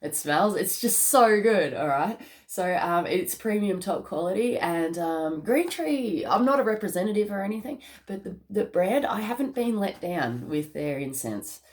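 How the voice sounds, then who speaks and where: A woman's voice: medium pitch, animated, moderate pace, hardly any pauses. An Australian woman giving a tarot reading to camera in a rambling, upbeat way, often laughing and calling listeners mate. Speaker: tarot reader.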